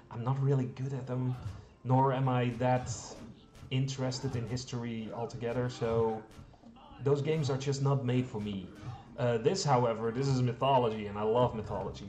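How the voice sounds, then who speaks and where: A man's voice: medium pitch, darkish tone. A man giving rambling, casual commentary while playing a strategy game, full of fillers and the odd swear word. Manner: rambling, self-deprecating, frequent fillers and mild swearing. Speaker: let's play host. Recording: roomy echo, faint background hum.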